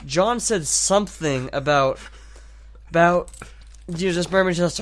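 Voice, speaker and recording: A man's voice: on the high side, a little slow, long pauses. A young man co-hosting a casual podcast, telling stories with a lot of laughter. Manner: laughing, animated storytelling. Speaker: podcast co-host. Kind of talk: casual chat.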